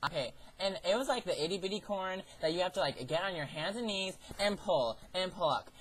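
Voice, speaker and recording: A man's voice: sits high, expressive, brisk, a bit bright, a little hiss or hum, poor audio. A teenage guy vlogging a story about a summer job, in a sassy, profane, theatrical way. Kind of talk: ranting personal storytelling.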